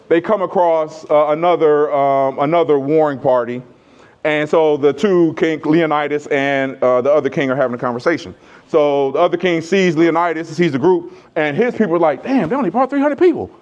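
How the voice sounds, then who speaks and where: Energetic man giving a keynote. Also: on the high side, smooth, highs cut off. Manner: energetic, leads crowd chants, shouts at peaks. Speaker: keynote speaker. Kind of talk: motivational keynote speech. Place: large conference hall with audience.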